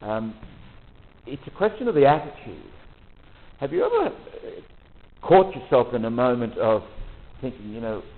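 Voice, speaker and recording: A man leading a retreat talk for priests, relaxed and conversational, often pausing with ums and restarts. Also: medium pitch. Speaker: retreat leader. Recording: tinny phone-like audio.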